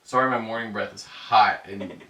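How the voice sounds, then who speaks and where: A man's voice: lowish voice, moderate pace, pushed and bright. A young man co-hosting a podcast in casual chat, laid-back and joking. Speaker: podcast co-host. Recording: echoey room, far from mic.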